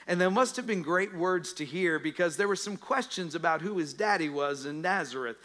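A male pastor delivers a sermon with a bright, forceful voice pitched a little high. He tells stories with lively turns and acts out the voices in his retellings. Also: moderate pace, few pauses. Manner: storytelling, dramatizes quotes.

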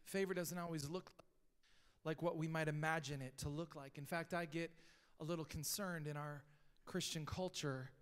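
A man preaching a sermon as pastor, talking casually and rising to shouted emphasis, recorded live in a church. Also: on the high side, fairly even intonation, normal speed. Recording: live church hall reverb.

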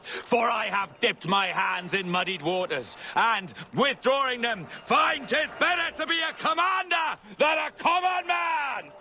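A boastful, bright-voiced pirate captain. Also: male voice, extremely high pitch, expressive, a little slow, full character voice. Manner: proud, declaiming.

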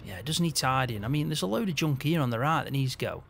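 A man's voice: mid-range voice, lively intonation, fast, vocal fry, fairly bright tone, a little hiss or hum. A man in casual game roleplay, chatting as a farm hand in an easygoing way with mild swearing.

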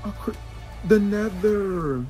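A man hosting a reaction video, talking in a casual, excitable and emotional way with plenty of slang. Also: sits high, slow, soft background music.

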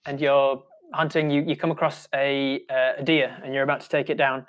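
A man with a New Zealand accent narrating as game master, talking in a halting way with many restarts. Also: medium pitch, level tone, fairly bright tone. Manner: halting, full of ums and restarts.

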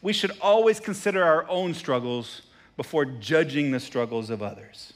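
A man preaching a sermon as pastor, animated and jokey, who repeats phrases and asks the congregation questions. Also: on the high side, normal speed. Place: church sanctuary.

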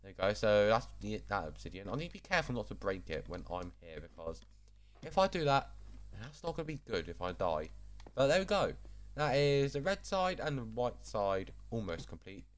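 A man's voice: fairly low pitch, big pitch swings, moderate pace. A man casually commenting while building in a video game, chatty, rambling and self-deprecating. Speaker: gaming channel host.

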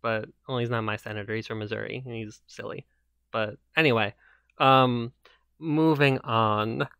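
A man's voice: medium pitch, steady tone, normal speed, a bit bright, smooth, no echo. Man, podcast host, chatty, self-deprecating, dry close sound. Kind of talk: casual chat.

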